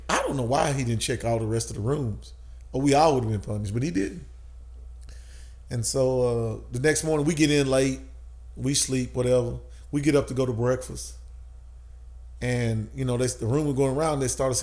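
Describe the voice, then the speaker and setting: A man, a guest telling an animated story with frequent laughs. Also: mid-range voice, normal speed. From Tennessee, USA. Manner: animated, laughs often, swears. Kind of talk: casual storytelling.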